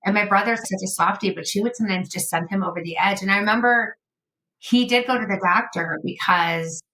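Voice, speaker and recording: A middle-aged woman hosts a podcast in a loose, chatty way, her mid-pitched voice wandering through stories with plenty of fillers. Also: a little fast, pushed and bright, slight background noise, poor audio. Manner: chatty, rambling, many fillers. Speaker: podcast host. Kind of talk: casual interview chat.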